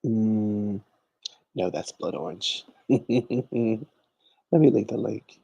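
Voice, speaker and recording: A man's voice: on the low side, drawn-out words, gravelly, dark tone, breathy edge, no echo. A man hosting a casual livestream, chatting and teaching, greeting viewers by name and calling everyone honey. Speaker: livestream host and conjure teacher.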